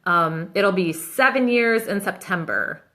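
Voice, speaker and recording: A woman in her thirties, a business coach answering questions in a casual live Q&A, chatty and upbeat and quick to laugh. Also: medium pitch, lively intonation, pushed and bright. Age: 30s.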